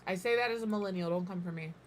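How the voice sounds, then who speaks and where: A woman's voice: fairly low pitch, very fast, a little hiss or hum. Chatty millennial woman thinking aloud. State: talking while eating. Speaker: game builder streamer. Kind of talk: casual build commentary.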